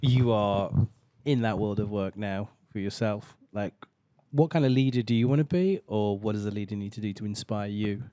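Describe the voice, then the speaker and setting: A man's voice: on the low side, moderate pace, warm tone, smooth, no echo. A middle-aged man from the UK, a father on a family podcast, guiding the talk in an encouraging way. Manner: encouraging, leads the conversation. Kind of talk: casual discussion.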